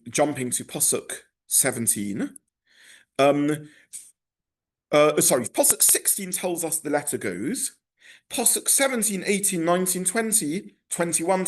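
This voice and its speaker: A man leads a text class in a lecture style, his voice sitting somewhat high and swinging through a wide, animated range. He stops often for asides, restarts and corrections as he explains. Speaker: rabbi teaching a text class.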